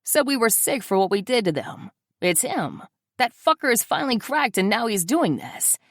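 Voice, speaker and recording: A woman voices a crude young man who scoffs angrily and swears, pitching her voice a little high, above her natural range. Her delivery is very animated at a moderate pace, recorded at studio quality with no echo.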